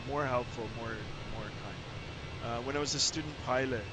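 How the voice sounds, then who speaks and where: A man's voice: medium pitch, moderate pace. A man from Canada, a real pilot streaming a flight sim, chatting casually with lots of fillers and restarts. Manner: rambling, filler-heavy, friendly chatter. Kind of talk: casual live-stream chat. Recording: noisy background.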